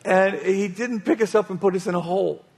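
Husky man preaching a sermon. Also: high-pitched. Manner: halting restarts, animated storytelling with laughter. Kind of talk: sermon with a told story.

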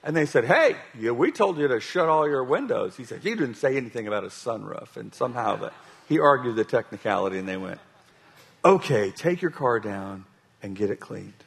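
A man preaching a sermon, with a husky voice, often restarting phrases and telling an animated story. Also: medium pitch, fairly quick.

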